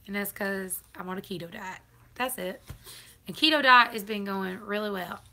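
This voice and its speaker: A woman's voice: mid-range voice, normal speed, bright, forceful tone. A woman chatting casually on a live stream, laughing often. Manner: chatty, laughs often, Southern turns of phrase.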